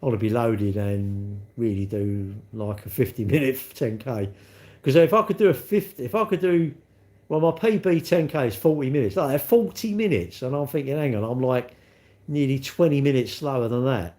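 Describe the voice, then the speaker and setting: With a warm, expressive, medium-pitched voice at normal speed, the middle-aged man runs a phone livestream. He rambles and banters cheekily, replying casually to comments as they come in.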